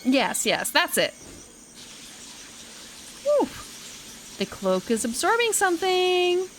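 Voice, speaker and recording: A woman's voice: extremely high pitch, sing-song, slow pace, a bit bright, a little hiss or hum, pitched above the performer's own voice, full character voice. A woman reading a mysterious guide character's game lines aloud in a put-on Irish-tinged voice. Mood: urgent.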